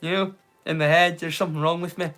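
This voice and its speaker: A man's voice: a little high, little pitch movement, fast, fairly bright tone, faint music behind. A Scottish man hosting a live watch-along stream. He chats casually, rambling, swearing and poking fun at himself. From Scotland. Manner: rambling, sweary, self-mocking.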